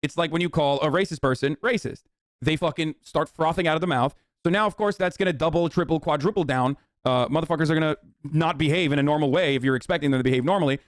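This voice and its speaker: Guy streamer ranting quick and cussing, kinda high voice, dead dry mic. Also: no echo. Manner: profane, mocking, animated riffing. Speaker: streamer commentator. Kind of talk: casual reaction commentary.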